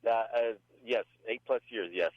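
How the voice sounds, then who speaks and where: A man calls in as a guest musician and talks in a relaxed, hesitant way. His low voice comes through a tinny phone line that sounds dry. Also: moderate pace, no echo. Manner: relaxed, hesitant, many fillers. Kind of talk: casual interview chat.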